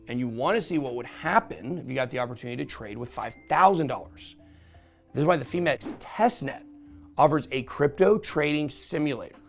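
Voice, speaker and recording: A man's voice: mid-range voice, vocal fry. A man hosting a crypto channel, giving an upbeat, salesy sponsored review.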